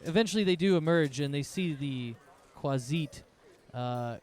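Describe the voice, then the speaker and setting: Mellow-voiced man running a tabletop game. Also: on the high side, measured pace. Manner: relaxed, loose narration with restarts. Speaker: game master.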